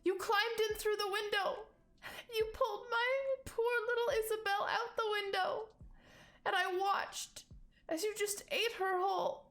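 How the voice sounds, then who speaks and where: Hysterical rabbit-folk mother in a tabletop game, shrill and tearful, pitched high, as the game master puts her on. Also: fairly even intonation, a little slow, a bit bright. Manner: shrill, sobbing accusations.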